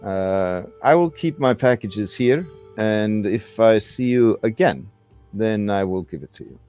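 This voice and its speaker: A man's voice: fairly low pitch, expressive, measured pace, darkish tone, smooth, soft background music. A man voicing a tired, cautious older woman innkeeper in a tabletop game. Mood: wary.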